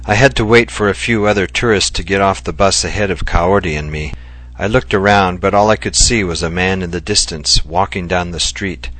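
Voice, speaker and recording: A man reading a first-person story aloud in a measured, reflective way. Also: low voice, pushed and bright. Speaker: narrator.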